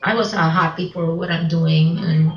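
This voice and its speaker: A woman being interviewed about her film work, speaking haltingly with many restarts and broken grammar. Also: lowish voice, fairly even intonation. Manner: halting, repeats words, non-native English grammar. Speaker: interview guest, filmmaker. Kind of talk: casual interview. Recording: roomy, dull lo-fi sound.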